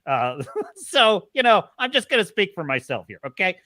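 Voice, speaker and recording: A man hosting a live stream, ranting through animated, profane commentary. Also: high voice, moderate pace. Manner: animated, swearing, exclaiming. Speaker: host of a live show.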